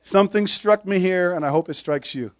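A man's voice: high-pitched, fairly quick, no echo, clean studio sound. A man preaching a sermon, quoting old-fashioned scripture and firing short questions at the congregation.

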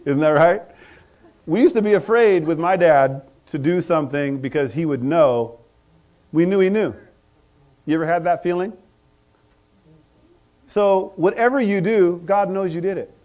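A pastor with a notably high voice delivers a sermon. He calls out questions to the congregation and waits for answers. His volume swings from loud bursts to quiet asides. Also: a little slow, long pauses, muffled recording. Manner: preaching with call-and-response, rising and dropping in volume.

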